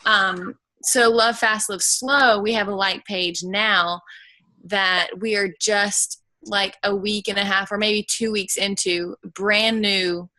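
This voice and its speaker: Woman, bright tone, mid pitch, chatty, self-correcting, video call. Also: steady tone, poor audio. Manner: chatty, talks in quick self-correcting bursts. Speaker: fitness business team member. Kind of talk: casual video call chat.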